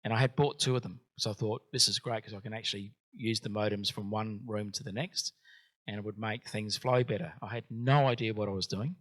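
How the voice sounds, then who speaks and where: A man's voice: fairly low pitch, fairly even intonation, a little fast. A man hosting a business workshop, telling a personal story with frequent ums and uhs. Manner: hesitant, many ums and uhs. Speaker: event host.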